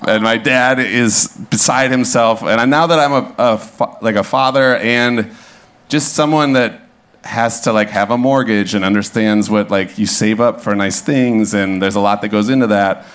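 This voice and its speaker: Guy from minnesota, low voice, telling a funny story on a club stage, animated, laughing as he goes. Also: moderate pace, clean tone. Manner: animated, laughing, acts out quotes. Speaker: guest storyteller. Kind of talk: live comedic storytelling. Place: club stage before a live audience.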